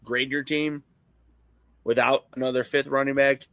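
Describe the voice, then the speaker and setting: A man's voice: medium pitch, flat delivery, normal speed, fairly bright tone, smooth, dry recording. A man co-hosting a casual live stream, crude and teasing, laughing often. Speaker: co-host.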